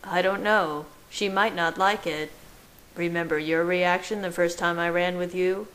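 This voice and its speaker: A woman reading the lines of a young man, calm and teasing, in a soft murmur. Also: on the low side, unhurried.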